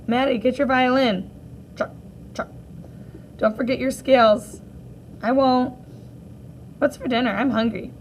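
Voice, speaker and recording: A woman teacher reading a graphic novel aloud for children, gently voicing each character in turn. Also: high voice, steady tone, measured pace, pauses often, a little hiss or hum, rough recording.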